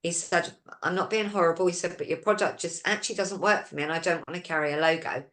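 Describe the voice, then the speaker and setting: A woman hosts a relaxed talk show and talks through a long story, voicing the lines of each person in it. Her voice sits fairly low for a woman. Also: quick pace. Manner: storytelling, retelling quoted dialogue; reads listener questions aloud. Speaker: host. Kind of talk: casual chat.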